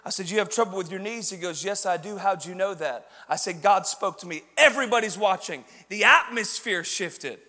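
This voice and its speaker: High-voiced man preaching in a hall. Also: fairly quick, hardly any pauses. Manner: energetic, swings from quiet asides to shouted emphasis. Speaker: pastor. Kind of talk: sermon with storytelling.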